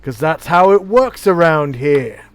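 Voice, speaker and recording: A man's voice: on the high side, animated, unhurried. A man voicing a cheeky young village boy who brags about his blacksmith father, in a teasing sing-song manner.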